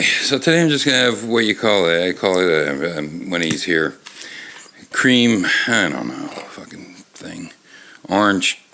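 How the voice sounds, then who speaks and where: Older guy rambling and cussing about an old kids book, low voice but swings up and down a lot. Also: sharp tone. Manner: rambling, profane, wry. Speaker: podcast host. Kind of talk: casual rambling book talk. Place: bar. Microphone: tabletop mic, moved off-axis.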